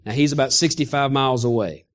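A male pastor preaching an animated sermon, often chuckling as he speaks. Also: medium pitch, fast.

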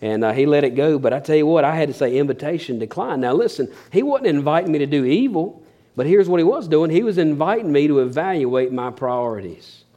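A pastor, a man preaching with a folksy, storytelling touch. His voice sits a little high for a man, and he chuckles often and stumbles into restarts as the stories roll on. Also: lively intonation, fairly quick, warm tone, muffled recording. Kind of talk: sermon with humorous storytelling.

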